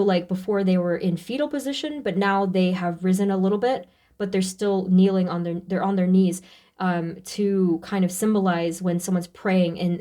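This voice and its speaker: A woman giving a casual tarot reading, talking in a halting, emotional way with many fillers and restarts. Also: fairly low pitch, warm tone. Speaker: tarot reader.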